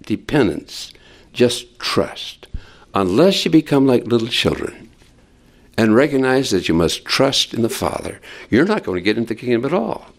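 An older man preaching a sermon as a pastor, animated and stressing key words. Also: mid-range voice.

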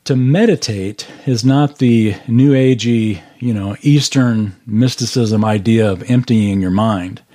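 A man's voice: mid-range voice, a little slow, hardly any pauses, dark tone. A man leading a Bible study class over a video call, explaining scripture verse by verse in an earnest way.

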